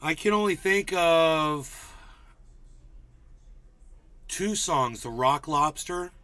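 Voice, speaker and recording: A man's voice: a little high, animated, extremely slow, pushed and bright. A man hosting a casual chat about music, rambling with lots of "like" and "bro". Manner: rambling, says "like" and "bro" a lot.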